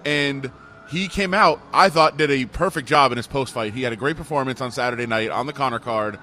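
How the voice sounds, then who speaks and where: Male sports radio co-host, mid pitch, excitable and laughing. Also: a little fast. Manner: excitable, laughs often, storytelling. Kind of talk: casual sports talk.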